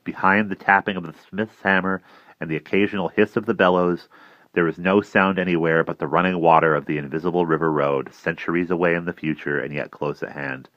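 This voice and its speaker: A man with a very low, deep voice reads a novel aloud at a measured pace. He stops and restarts a phrase now and then. The recording is dry, with a slightly dull sound. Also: fairly even intonation, no echo. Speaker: narrator.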